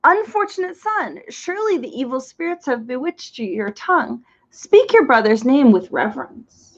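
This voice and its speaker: A stern, proud mother speaks with formal impatience, scolding her small son, as a woman reads her part. Her voice sits high, and the recording is muffled and lo-fi. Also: big pitch swings, normal speed, heavily acted. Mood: impatient.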